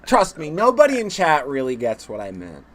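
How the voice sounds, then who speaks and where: A man's voice: fairly high pitch, wildly swooping pitch, moderate pace, a bit bright. A young man co-hosting a live-streamed podcast in casual chat, joking around with crude, profane banter.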